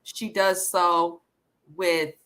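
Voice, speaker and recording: A woman's voice: on the low side, level tone, drawn-out words, a bit bright. A woman hosting a casual show recap, talking bluntly and gossiping with frequent swearing. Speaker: podcast host.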